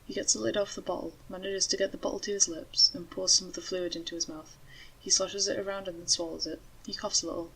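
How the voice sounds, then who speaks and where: A woman narrating a story in a steady, measured way. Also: lowish voice, slight background noise, rough recording.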